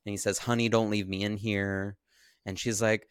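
Male podcast co-host with a low voice, lively storyteller who acts out the characters' dialogue, dry sound. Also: moderate pace, clean tone, no echo. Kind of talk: casual chat, retelling a film.

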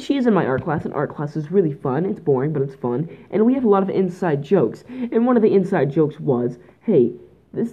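A teenage girl from Canada hosts her own podcast alone, rambling and joking in a goofy, mock-dramatic way. Her voice sits low for a girl. The sound is thin and tinny, like a phone line. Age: teens. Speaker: podcast host. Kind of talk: solo podcast chat. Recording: tinny phone-like home mic.

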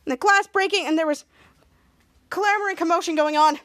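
A woman hosting a podcast, recapping a TV episode in a halting way, often restarting and repeating herself. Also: extremely high pitch, a bit bright. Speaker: podcast host.

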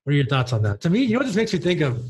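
Easygoing husky man hosting a chat. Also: on the high side, wildly swooping pitch, rapid-fire, a little mellow, poor audio. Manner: easygoing, reads passages aloud then reacts. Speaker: podcast host. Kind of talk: casual discussion.

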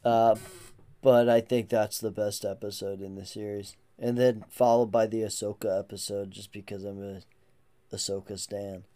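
A man's voice: fairly low pitch, little pitch movement, moderate pace, dark tone. A young man hosting a casual podcast chat, with a dry, teasing way of talking. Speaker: podcast host.

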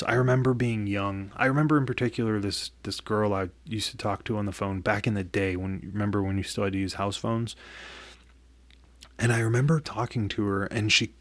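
Man with a low, dry voice. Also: no echo. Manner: candid, profane, halting with frequent restarts. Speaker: vlogger. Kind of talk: casual personal storytelling.

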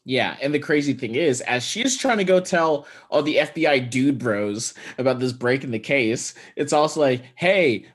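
Podcast host, male, laid-back wry chat, mid pitch. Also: lively intonation, moderate pace, hardly any pauses, slightly rough. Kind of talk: casual chat.

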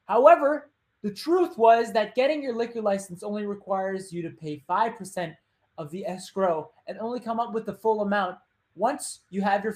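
A man hosting his own show, casually retelling a true crime story with joking asides and loose, rambling phrasing. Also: high voice. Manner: chatty, loose, with joking asides and quick put-on voices. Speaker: podcast host.

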